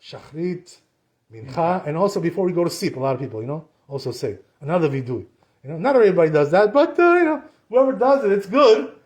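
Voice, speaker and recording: High-voiced man teaching a casual Torah class. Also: sing-song, fast talker, darkish tone. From Sephardic Jewish community. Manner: conversational, repeats "you know" and acts out quotes.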